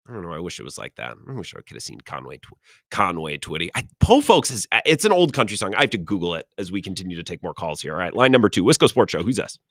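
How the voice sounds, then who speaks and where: A male sports radio host chats with callers in a joking, animated way, his pitch leaping around a lot. The studio sound is dry and close, with no room behind him. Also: no room sound. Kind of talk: casual chat.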